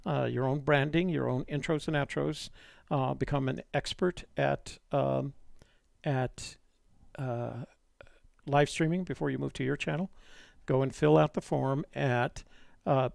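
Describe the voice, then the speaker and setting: A man's voice: medium pitch, lively intonation, a little slow, vocal fry, no room sound, studio quality. A man hosting a live-streamed call-in show, talking in a chatty, rambling way with many fillers. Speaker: host.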